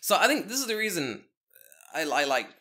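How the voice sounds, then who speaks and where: A man co-hosting a podcast in casual chat, animated and profane, laughing often, recorded on a table mic in a living room. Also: a little high, fairly quick, slightly rough. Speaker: podcast co-host. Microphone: studio mic at a table.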